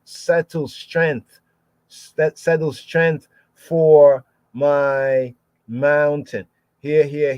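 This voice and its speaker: Male scripture teacher, slightly high voice, slow and repetitive, dry lo-fi sound. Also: a little mellow, no room sound. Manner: repeats and sounds out Hebrew words slowly. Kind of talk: Bible study podcast.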